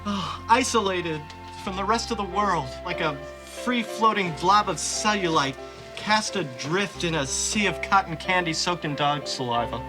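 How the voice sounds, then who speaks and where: Brief: a goofy man-child patient, higher voice, lively swoops, sitcom audio with laugh track. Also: measured pace, over music. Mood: melodramatic. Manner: silly, rambling, melodramatic. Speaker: sitcom lead. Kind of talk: sitcom acting.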